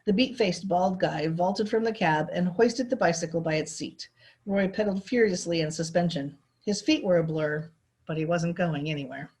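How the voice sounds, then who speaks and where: A woman teacher reads a novel aloud in a steady, expressive way. Her voice sits a little low. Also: moderate pace.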